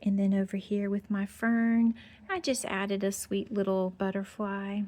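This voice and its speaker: Slow, sweet-talking woman. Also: mid-range voice, little pitch movement, a little mellow. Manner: sweet, gushing, chatty, many fillers. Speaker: home decor vlogger. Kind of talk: casual porch tour narration. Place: outdoor porch.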